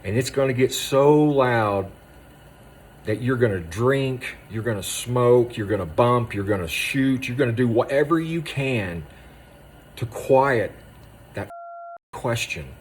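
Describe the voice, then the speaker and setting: A man, an Army veteran, gives a raw spoken monologue, hammering short phrases with intensity and often dropping to a hushed voice. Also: mid-range voice, animated, slow pace, a little hiss or hum. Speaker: Army veteran speaking on moral injury.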